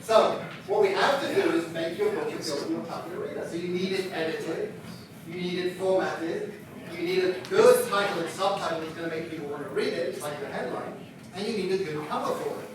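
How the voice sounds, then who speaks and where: With a high voice, lively intonation and a fairly quick delivery, a book publisher teaches a workshop on writing a book. His tone is chatty and self-deprecating. The recording is noisy and echoey, picked up from across the room.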